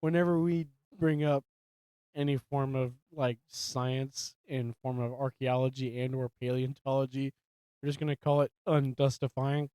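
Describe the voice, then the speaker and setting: A man's voice: medium pitch, fairly even intonation, moderate pace, dark tone, smooth, dry recording. A man co-hosting a movie podcast, joking and laughing a lot as he chats about the plot. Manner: laughs often, playful quips. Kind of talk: casual film recap chat.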